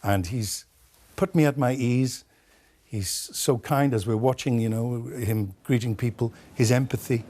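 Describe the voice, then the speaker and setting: A Welsh-born man speaking as a studio guest in a broadcast interview, telling a story with many pauses and fillers. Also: mid-range voice, warm tone. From Wales.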